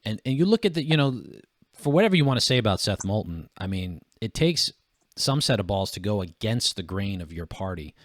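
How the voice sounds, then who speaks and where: Podcast co-host, male, lower register, dry sound, casual and restart-prone delivery. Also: no echo. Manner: halting, restarts a lot, animated when riled. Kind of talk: casual political chat.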